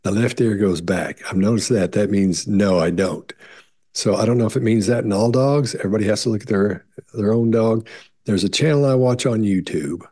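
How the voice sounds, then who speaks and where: A man's voice: moderate pace, dark tone. A middle-aged man, a behavior analyst, answering viewer questions in a casual, rambling way with frequent restarts. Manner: rambling, repeats words, many restarts and fillers; acts out quoted voices in higher pitch. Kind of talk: casual explanatory talk.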